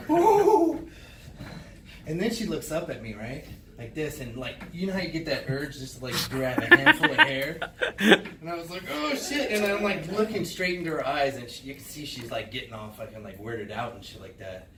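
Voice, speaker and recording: A male stand-up comedian telling a crude, profane story, acting out his own reactions in loud bursts. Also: mid-range voice, expressive, a little fast, echoey room, recorded from a distance, crowd noise, rough recording. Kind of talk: stand-up set. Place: small comedy club stage. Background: audience laughter.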